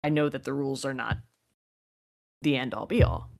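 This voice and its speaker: A woman's voice: very deep voice, normal speed, gravelly, darkish tone. A woman co-hosting a podcast, talking casually and rambling with many fillers and restarts. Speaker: podcast co-host. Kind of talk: casual recap chat.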